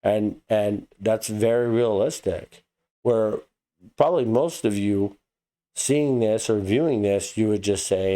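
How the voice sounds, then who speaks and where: A man's voice: fairly low pitch, a little slow, mellow. A man from the United States talking casually as a reaction video host, rambling and often repeating words as he restarts. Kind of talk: casual commentary.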